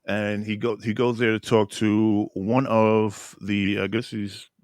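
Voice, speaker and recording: A man's voice: on the low side, level tone, slow, darkish tone, clean tone, dry recording, clean studio sound. A man co-hosting a podcast, recapping a TV episode in casual, rambling chat full of restarts. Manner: rambling, many restarts and fillers. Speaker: podcast co-host.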